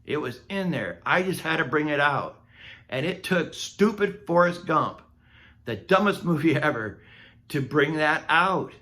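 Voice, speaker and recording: A man's voice: a little high, animated, measured pace, pushed and bright. A man vlogging a personal story in a casual, candid way, laughing at himself as he goes. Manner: candid and self-mocking, laughing at his own misery.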